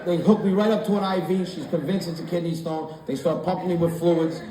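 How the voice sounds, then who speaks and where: A man in his thirties doing stand-up comedy, telling stories loudly, acting out voices and swearing, on a stage mic in a large hall with a laughing audience. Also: fairly high pitch, fairly quick. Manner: loud animated storytelling, acts out voices, swears. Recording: roomy hall from a distance with crowd laughter.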